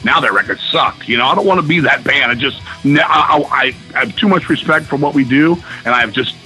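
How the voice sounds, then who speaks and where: A man's voice: medium pitch, fast talker, faint music behind, rough recording. A man, a musician guest telling stories over a call, swearing a lot and acting out quoted dialogue. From Virginia, US. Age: 50s. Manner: profane, excitable, acts out quoted dialogue. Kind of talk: casual interview storytelling. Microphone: phone call-in.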